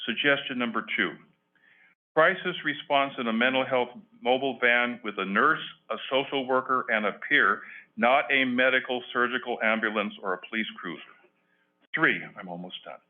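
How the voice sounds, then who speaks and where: A retired older man giving an earnest prepared public comment at a county board meeting, reading with emphatic pauses. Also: medium pitch. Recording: phone-like lo-fi meeting audio.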